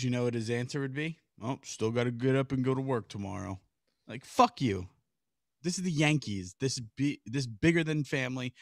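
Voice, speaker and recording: A man co-hosting a casual sports podcast, venting his frustration in a profane rant that builds to near shouting. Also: medium pitch, dry recording, studio quality. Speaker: podcast co-host.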